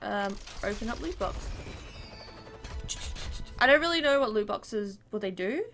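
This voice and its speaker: A woman's voice: medium pitch, lively intonation, unhurried, fairly bright tone, soft background music. A woman giving casual, chatty commentary while playing a video game, cheering on her team. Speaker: gaming video creator.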